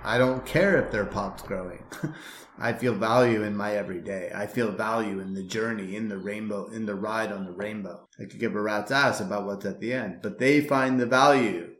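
A man's voice: on the low side, moderate pace, a bit bright, a little hiss or hum. A man co-hosting a podcast, talking casually in a laid-back, easygoing way. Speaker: podcast co-host. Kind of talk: casual conversational dialogue. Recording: roomy sound with faint music behind.

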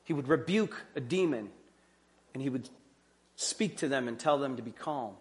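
A pastor preaching a sermon in a conversational way, full of rhetorical questions and joking asides. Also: male voice, mid-range voice, expressive, moderate pace.

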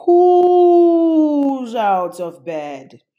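Icy, hissing male tentacle monster with long drawn-out words, pitched high and loud , as a woman voices him. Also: very animated, narrow, tinny audio, heavily acted. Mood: creepy.

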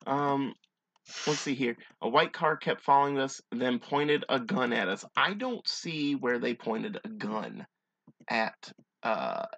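A man's voice: slow, gravelly. A man hosting a podcast, reading listener stories aloud and chatting about them in a casual, joking way. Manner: reads in a low, hushed tone, then gets loud and excitable. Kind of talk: casual storytelling chat.

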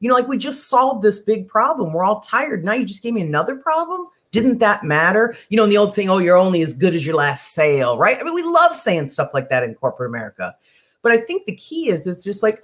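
A woman leadership coach talking in a podcast conversation, animated and acting out the people she quotes. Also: medium pitch, a little fast. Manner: animated, acts out quoted voices.

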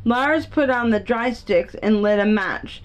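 Lady reading a kids book out loud, kinda high voice, trips on a word now and then. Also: unhurried, highs cut off. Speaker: reader. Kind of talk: reading a children's book aloud.

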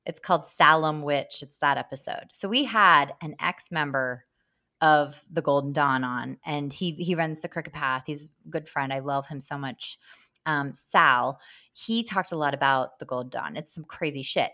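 Animated, swearing woman podcast host. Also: low voice, normal speed. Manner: animated, swearing, jumps between topics. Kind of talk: casual chat.

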